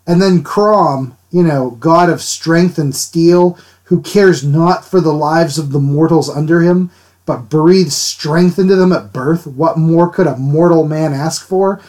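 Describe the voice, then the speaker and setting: Inking drawings on a livestream, a man answers his viewers in a casual, rambling way, laughing along. He speaks a little slowly, with a darkish voice on the high side.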